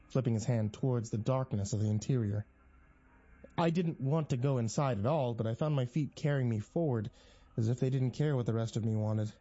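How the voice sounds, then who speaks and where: A man narrating a first-person horror story in a tense, measured way. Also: mid-range voice, dark tone, muffled recording.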